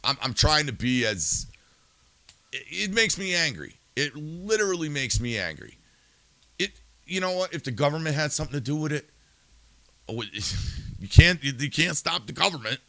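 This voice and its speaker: Bright, dry-voiced man ranting angrily. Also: fairly high pitch, sing-song, normal speed, vocal fry, dry recording. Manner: angry, swearing, rhetorical questions; subdued and somber. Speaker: podcast host. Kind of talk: profane ranting monologue.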